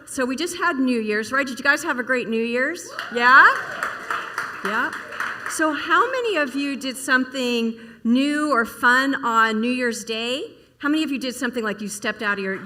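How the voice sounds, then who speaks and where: Brief: middle-aged woman minister, bright and slightly high, chatty storytelling sermon. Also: a little hiss or hum. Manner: chatty, storytelling, asks the audience questions. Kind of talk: casual sermon to a congregation. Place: church service hall.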